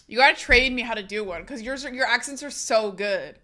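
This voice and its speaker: Bright, giggly woman streamer. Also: a little high, a little fast, hardly any pauses. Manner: giggly, rambling, self-mocking. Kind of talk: casual live-stream chat.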